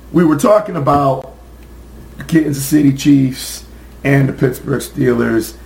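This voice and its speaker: A man hosting a sports podcast, hoarse from screaming, ranting in a fired-up, profane way with many fillers. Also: medium pitch, roomy sound, a little hiss or hum, low-quality recording. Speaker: podcast host.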